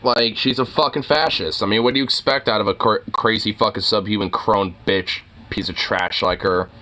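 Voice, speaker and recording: A man's voice: fairly low pitch, fairly even intonation, moderate pace, sharp tone, slight background noise. A man giving casual, heated reaction commentary, rambling with fillers and restarts.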